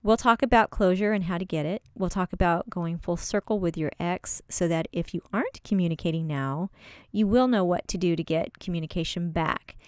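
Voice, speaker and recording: Smooth-voiced woman coaching a course. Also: lowish voice, no echo. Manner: casual, coaching, speaks directly to the listener. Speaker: online course instructor. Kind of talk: recorded course module talk.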